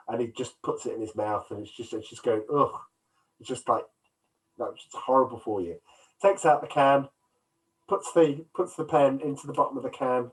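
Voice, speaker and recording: A man co-hosting a film podcast, casually retelling scenes and acting out quotes, on a video call. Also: medium pitch. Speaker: podcast co-host. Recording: distant from the mic, headset.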